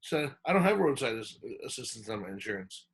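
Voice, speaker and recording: In a husky, brisk, mid-range voice, a man on a podcast tells a long, rambling story, acting out the quoted lines with animation. His talk is full of fillers and restarts.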